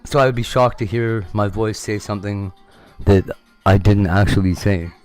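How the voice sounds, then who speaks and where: A man's voice: on the low side, normal speed, darkish tone, clear, resonant tone, soft background music. A man chatting casually on a livestream, rambling and candid, swearing freely. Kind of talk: casual chat.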